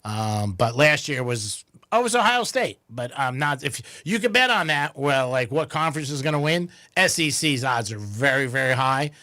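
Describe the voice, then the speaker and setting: A man's voice: medium pitch, big pitch swings, normal speed, few pauses, sharp tone, no echo, clean studio sound. A man hosting a radio talk show, chatting loosely with many fillers and frequent laughs, then talking sports.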